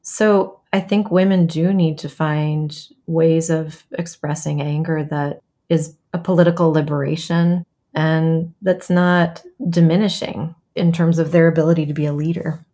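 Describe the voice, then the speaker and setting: Low-voiced woman, thoughtful guest. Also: steady tone, measured pace, few pauses, warm tone. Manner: thoughtful, acts out quoted voices animatedly. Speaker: playwright and memoir author, guest. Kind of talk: reflective interview conversation.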